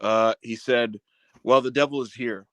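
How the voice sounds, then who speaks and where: A man's voice: mid-range voice, steady tone, a little slow, a bit bright, no echo. A man co-hosting a wrestling review podcast in loose, slangy banter, laughing often. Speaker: podcast co-host. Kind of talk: casual wrestling review chat.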